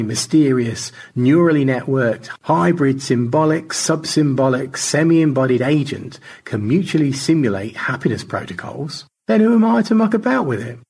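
A man's voice: darkish tone, slightly rough. A man voicing George, a pompous, languid old space adventurer who talks in grand, wordy phrases. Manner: grandiloquent, high and theatrical.

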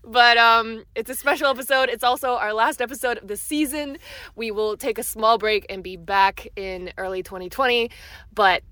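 A woman's voice: fairly high pitch, normal speed, bright, forceful tone, no room sound. A young adult woman co-hosting a podcast in a casual chat, bubbly and laughing, recorded on a phone inside a parked car. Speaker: podcast co-host.

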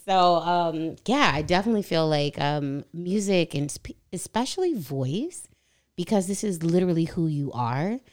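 A woman's voice: fairly low pitch, lively intonation, normal speed, darkish tone. A woman voice teacher telling stories on a podcast in a casual, effusive way.

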